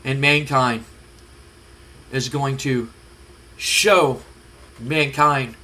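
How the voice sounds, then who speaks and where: A man's voice: medium pitch, fairly even intonation, extremely slow, sharp tone. A man hosting a casual let's-play commentary on a wrestling sim game, hesitant with many fillers. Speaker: gaming channel host.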